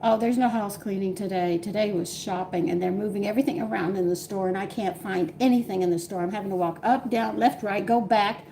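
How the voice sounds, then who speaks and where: A woman's voice: mid-range voice, a little fast, few pauses, dark tone, slight background noise. Chatty older woman venting. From Texas. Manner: chatty, exasperated storytelling with laughs. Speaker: cooking channel host chatting with live viewers. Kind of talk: casual live-stream chat. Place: home.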